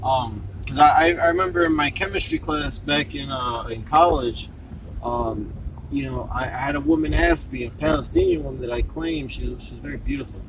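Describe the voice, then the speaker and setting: A man's voice: medium pitch, moderate pace, distant mic, background noise. A man telling a rambling story in a casual discussion, with coarse language. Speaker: discussion participant.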